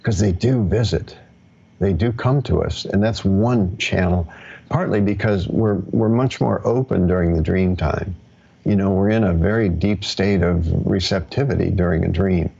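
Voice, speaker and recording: A man with a very deep, gravelly voice answers questions in a live teaching session, relaxed and reassuring. There is a husky edge to his tone, and the audio is dull and lo-fi. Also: moderate pace. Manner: relaxed, reassuring, with many fillers. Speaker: teacher of ancestral practice.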